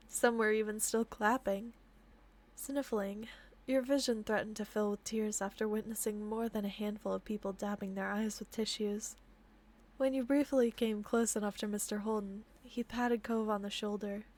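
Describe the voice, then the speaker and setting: A young woman reading a romantic visual novel aloud, often giggling and apologizing between softly read passages. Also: a little high. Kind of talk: reading game text aloud with chatty asides.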